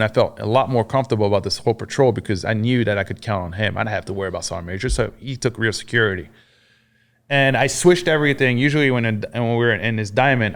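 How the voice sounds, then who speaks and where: A man from France, a podcast guest and army veteran, telling war stories in casual conversation, cursing freely and acting out what others said. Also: fairly low pitch. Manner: profane, acts out quoted dialogue.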